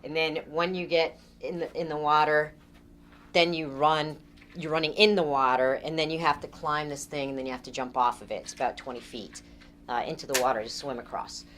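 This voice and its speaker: A woman with a notably low voice tells a story to a group in a relaxed, chatty way. She is animated and laughs often between lines. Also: fairly quick, slight background noise. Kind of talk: casual storytelling.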